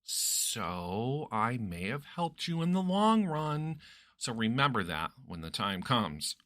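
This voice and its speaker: A man's voice: very animated, measured pace, sharp tone, no room sound, clean studio sound, exaggerated voice. A man voicing a cheerful, meddling young woman friend in a teasing, bubbly way. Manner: teasing, bubbly, raises pitch.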